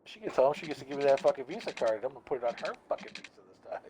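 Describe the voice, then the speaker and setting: A man's voice: medium pitch, expressive, rapid-fire, background noise. A man streaming a game, chatting casually and telling stories with lots of swearing and laughter. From United States. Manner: profane, laughing storyteller. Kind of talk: casual chat while gaming.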